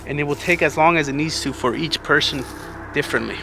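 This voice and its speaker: Gravelly-voiced man giving earnest life advice. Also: on the high side, fairly quick, pushed and bright, soft background music. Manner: earnest, conversational, says "man" often. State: slightly out of breath. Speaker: vlogger. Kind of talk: casual motivational talk.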